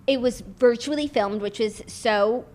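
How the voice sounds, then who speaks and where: A woman's voice: fairly high pitch, unhurried, darkish tone. A woman co-hosting a casual chat show, bubbly and jokey. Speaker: podcast co-host. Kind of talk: casual chat with comic royal impressions.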